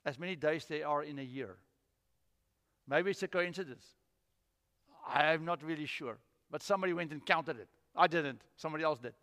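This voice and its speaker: Animated pastor preaching in a hall. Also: male voice, on the high side, moderate pace. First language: Afrikaans. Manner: animated storytelling with acted-out voices. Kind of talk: sermon. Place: church.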